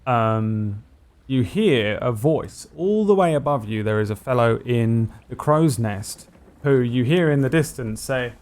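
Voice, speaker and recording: A man's voice: medium pitch, animated, unhurried, darkish tone. A man narrating a tabletop game as game master, describing the scenes with many fillers. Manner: descriptive, hesitant, full of fillers.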